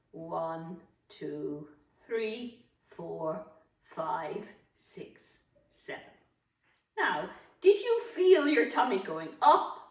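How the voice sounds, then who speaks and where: Slow-paced woman teacher, roomy sound. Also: medium pitch, distant mic. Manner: slow, encouraging counting instructions. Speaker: drama teacher. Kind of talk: guided breathing lesson. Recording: echoey room, voice from off-mic.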